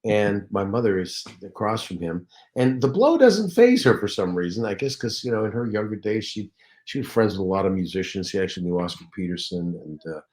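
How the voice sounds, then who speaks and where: A man, a comedian and voice actor, telling anecdotes as a guest in a casual interview, lively and animated. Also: on the low side, brisk.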